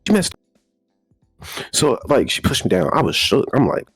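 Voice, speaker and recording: A young man telling a story in casual chat, animated and laughing often. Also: medium pitch, moderate pace, slightly rough, no room sound, faint music behind. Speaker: podcast co-host.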